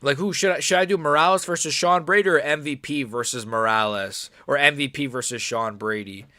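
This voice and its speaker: A man's voice: mid-range voice, brisk, pushed and bright, no echo. A young man rambles through live fight commentary in a casual, slang-heavy way, peppering his lines with filler words. He gives blunt, mocking takes in a mid-range voice. The recording is dry and close, with no room sound. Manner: slangy, rambling, frequent "bro" and "like".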